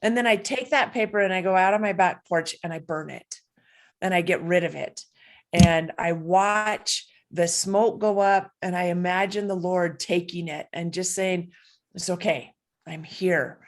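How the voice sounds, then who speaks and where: A middle-aged woman coach answering interview questions, earnest and animated, telling personal stories with light laughs. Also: fairly low pitch, moderate pace. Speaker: guest, coach and speaker.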